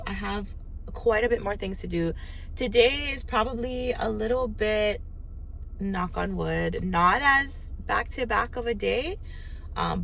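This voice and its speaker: A woman's voice: medium pitch, creaky, a bit bright. Chatty woman vlogging from her car. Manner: chatty, rambling, lots of fillers. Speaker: lifestyle vlogger. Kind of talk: casual vlog storytelling. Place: inside a car while driving. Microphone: phone. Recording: car road noise behind.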